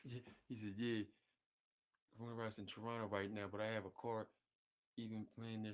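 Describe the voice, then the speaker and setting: A man's voice: on the low side, little pitch movement, fairly quick, pauses often. A man casually chatting with his viewers in loose slang, repeating his words, jumping between topics and often chuckling as he talks. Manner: often chuckles while talking. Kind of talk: casual chat.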